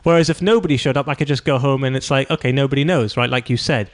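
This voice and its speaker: Male podcast host, mid-pitched voice, chatty and enthusiastic interviewer. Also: fast. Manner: chatty, enthusiastic, frequent reactions. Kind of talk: conversational interview.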